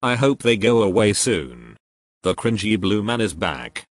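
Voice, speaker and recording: Low, dry synthetic male reading voice. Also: unhurried, no echo. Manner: flat, evenly paced computer voice. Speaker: reader of joke computer error messages. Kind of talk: synthetic text-to-speech reading.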